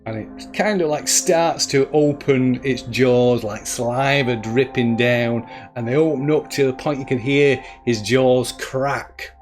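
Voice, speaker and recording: A male game master narrates a tabletop game at an unhurried pace, often stopping and restarting as he hunts for the right word. His voice sits at a middling pitch, with faint music playing underneath. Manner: halting, searching for words, many restarts.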